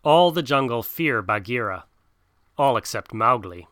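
A man voicing an earnest, bold young boy raised by wolves in a storybook reading, speaking higher and eagerly. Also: expressive, a little slow, fairly bright tone, no room sound, clean studio sound. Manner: higher and eager, sometimes sullen.

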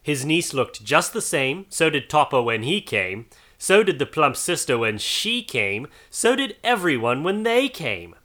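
A man narrating a storybook in an expressive, animated reading. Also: a little high, measured pace.

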